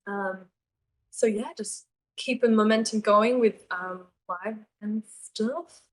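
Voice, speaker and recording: A woman's voice: medium pitch, takes it slowly. A young woman, a singer-songwriter guest, chatting casually and giggling with lots of fillers. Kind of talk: casual chat.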